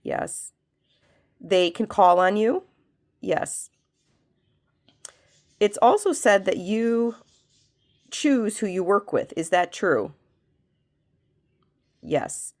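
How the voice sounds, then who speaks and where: A woman who has a cold, working as a medium, leads a spiritual pendulum reading and asks slow yes-no questions that she answers herself. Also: medium pitch, animated, darkish tone. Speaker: medium and reiki practitioner.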